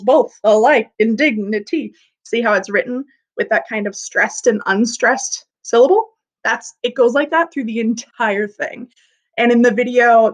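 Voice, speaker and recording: A young woman teaching an English class online in a chatty, playful way, explaining things simply. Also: a little high. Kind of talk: recorded online class lesson.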